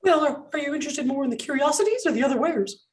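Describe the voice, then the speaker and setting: Casting: tiny ancient gnome shopkeep, squeaky and giggly; very high, loud, quick. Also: male voice, animated, recorded from a distance. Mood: chirpy. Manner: chirpy, giggling, quick-witted. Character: old wizened male gnome shopkeeper, tiny, jokey.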